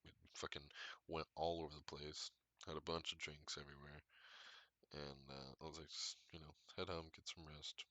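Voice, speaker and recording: A man's voice: rumbling low, flat delivery, normal speed, pushed and bright, no echo. A man hosting a podcast, telling a rambling, profane story. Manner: profane, rambling, laughs often. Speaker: podcast host. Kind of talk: casual storytelling monologue.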